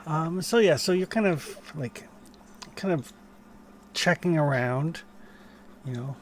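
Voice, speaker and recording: A man's voice: fairly high pitch, slow pace, a little hiss or hum. Rambling man running a tabletop game. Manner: loose and rambling, many fillers. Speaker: game master.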